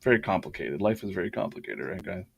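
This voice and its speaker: Low-voiced with a breathy edge and vocal fry, this man speaks at a quick pace in a dry recording. While running a drawing challenge, he offers a casual, meandering personal story and animatedly plays out the dialogue.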